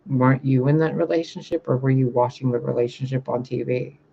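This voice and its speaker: Blunt, gravelly-voiced man ranting profanely. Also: mid-range voice, little pitch movement, fairly quick, mellow, highs cut off. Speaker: spiritual reader and channeler. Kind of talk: casual livestream rant, reading viewer comments.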